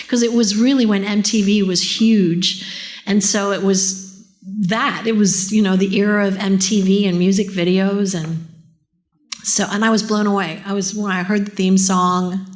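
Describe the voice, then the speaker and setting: A woman's voice: medium pitch, darkish tone. A middle-aged woman, a voice actress, talking casually and eagerly at a convention panel, often drifting into tangents. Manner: chatty, enthusiastic, wanders into tangents.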